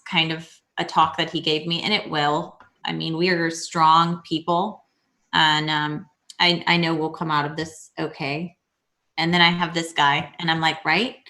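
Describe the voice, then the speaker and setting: A woman in her thirties co-hosting a casual chat, telling a story in a lively way with many restarts. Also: sits low. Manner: chatty storyteller, animated retelling with many restarts. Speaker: co-host. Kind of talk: casual video-call chat.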